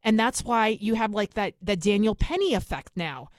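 A woman's voice: mid-range voice, lively intonation, no room sound, clean studio sound. A middle-aged woman with a New York accent, delivering a fiery, sarcastic political monologue as host. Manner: fiery, sarcastic, rapid-fire.

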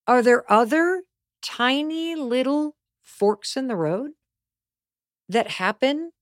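Podcast host, woman, bright and animated, punchy emphasis, dry close sound. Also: high voice, takes it slowly, no echo. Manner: emphatic, animated storytelling with stressed key words. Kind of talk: motivational podcast monologue.

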